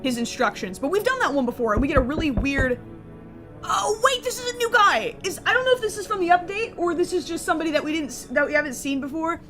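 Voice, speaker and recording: A woman's voice: very high-pitched, expressive, fast, music in the background. A young woman streamer giving goofy, rambling let's-play commentary and laughing often. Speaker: gaming streamer.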